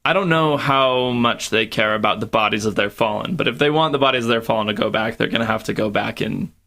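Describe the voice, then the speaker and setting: A man with a gravelly, bright voice playing a tabletop game. He describes his moves casually between laughs. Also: fairly low pitch, fast. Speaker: player.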